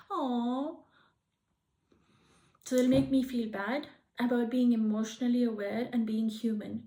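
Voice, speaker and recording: A woman's voice: a little high, warm tone. A woman speaking as a spiritual art healer, giving an emphatic spiritual reminder talk full of rhetorical questions. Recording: echoey room.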